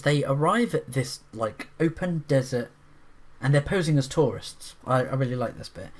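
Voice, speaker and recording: A man reviewing a film in a casual, rambling monologue, restarting his sentences often and getting excited about the scenes he describes. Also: mid-range voice. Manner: rambling, with frequent restarts and fillers; enthusiastic, breaks into quick voices.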